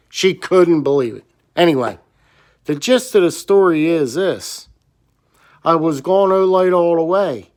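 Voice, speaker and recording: A man telling a rambling, excitable story about buying a flashlight. He sounds slightly hoarse and repeats himself often. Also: a little high, measured pace. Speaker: gear reviewer. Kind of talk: casual storytelling vlog.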